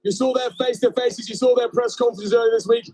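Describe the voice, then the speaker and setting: A man commentating live at a boxing event, building up the fights with energetic hype. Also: extremely high pitch, fast talker, faint music behind, poor audio.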